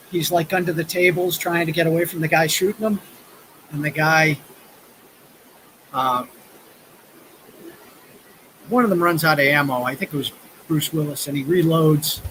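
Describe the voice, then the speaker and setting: A man's voice: a little high, fairly even intonation, a little slow, pauses often, fairly bright tone, slight background noise, rough recording. A man in his fifties chatting casually on a live stream, rambling through stories with lots of fillers. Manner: rambling storytelling with frequent fillers. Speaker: vlogger. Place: outdoors by a river.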